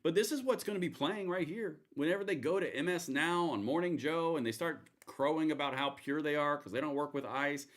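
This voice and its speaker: A man's voice: on the high side, fairly quick, hardly any pauses, a bit bright. A man hosting a live political commentary stream, talking in a rambling, sarcastic way with many restarts. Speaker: livestream host.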